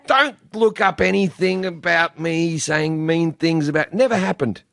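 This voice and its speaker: An Australian comedian host in casual podcast chat, teasing and self-mocking with crude language. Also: male voice, on the high side, unhurried, vocal fry, a bit bright, a little hiss or hum.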